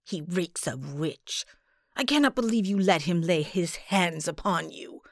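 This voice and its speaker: A woman's voice: lowish voice, expressive, a little slow, dry recording. A woman playing a hissing, nervy young tomcat. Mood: accusing. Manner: hissing, intense. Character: young male cat, nervy, fierce and suspicious.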